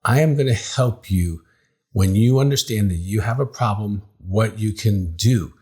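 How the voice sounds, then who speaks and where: A middle-aged man, a psychologist and counseling director, giving direct-to-camera advice in an emphatic, animated storytelling way that acts out the dialogue. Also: on the low side, unhurried, breathy edge.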